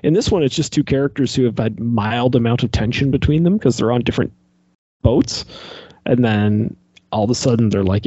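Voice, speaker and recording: A man's voice: mid-range voice, a little fast, warm tone, husky, no room sound, dull audio. A man in casual podcast chat, animatedly ranting and exasperated, filling his talk with "like". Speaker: podcast co-host reviewing a movie.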